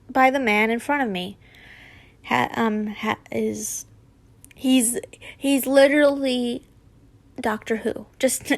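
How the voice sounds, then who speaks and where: Giggly young woman reading fanfiction slowly. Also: a little high. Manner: giggly, rambling, stumbles over words. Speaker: fanfiction reader. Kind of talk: casual reading aloud with asides.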